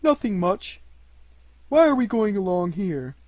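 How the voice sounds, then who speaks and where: A man reading a storybook aloud, voicing a slow, mild, simple-minded bear. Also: sits high, very animated, a little mellow, no echo, pitched above the performer's own voice.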